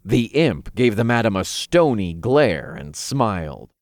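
Lively, deep-voiced male narrator. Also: a little slow, dry recording, studio quality. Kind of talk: audiobook narration.

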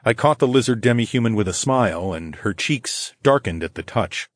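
A man narrating a story in the first person, calm and measured, as an audiobook narrator. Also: on the low side, no echo, studio quality.

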